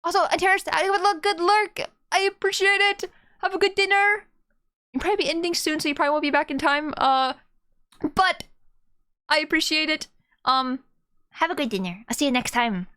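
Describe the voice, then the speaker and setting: A very high, fairly quick voice that sounds pushed and bright belongs to a game streamer chatting with her viewers. She speaks straight to her chat in a gossipy, emotional way over faint game music.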